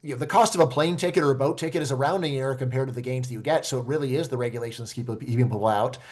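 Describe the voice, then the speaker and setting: A man's voice: mid-range voice, rapid-fire, a little mellow. A man hosting a conversational discussion as an economics professor, making emphatic points with frequent "like" and "you know".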